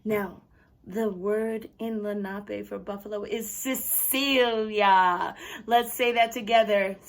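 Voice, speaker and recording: A woman teaching young children in a playful, animated way, with many excited exclamations. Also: mid-range voice, a little slow, far from the mic. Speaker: arts camp teacher. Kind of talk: children's lesson with pretend play.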